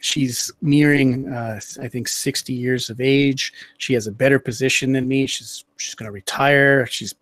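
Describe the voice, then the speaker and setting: A man on a livestream show casually recounting a personal story in a measured, halting way with frequent restarts. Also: mid-range voice, steady tone, fairly bright tone, dry recording. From Canada. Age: under 60.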